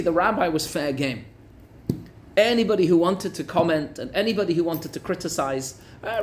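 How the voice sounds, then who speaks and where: A man who is a rabbi, giving a Torah class as a lively storyteller who breaks in with joking asides. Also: high-pitched.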